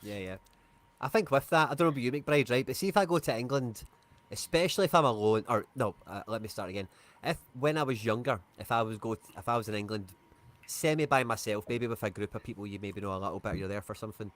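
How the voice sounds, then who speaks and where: A man's voice: fairly low pitch, fast, a bit bright. A Scottish man hosting a casual livestream chat, telling rambling stories and saying "aye" a lot. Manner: chatty storyteller, says "aye". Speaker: streamer host.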